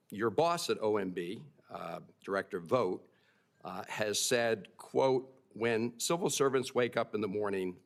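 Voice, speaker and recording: Man, senator, hearing questioning, low voice, pressing tone. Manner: pointed, pressing.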